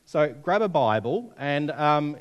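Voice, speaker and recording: A man's voice: fairly high pitch, big pitch swings, slow pace, highs cut off. A man preaching a sermon, telling stories and asking the congregation questions. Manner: storytelling, conversational, asks the audience questions.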